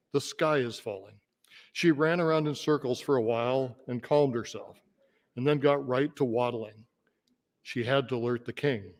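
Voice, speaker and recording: A man's voice: medium pitch, a little mellow. A man, a state senator, reading a children's fable aloud in a playful storytelling manner during floor debate. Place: legislative chamber. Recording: long reverb of a large chamber.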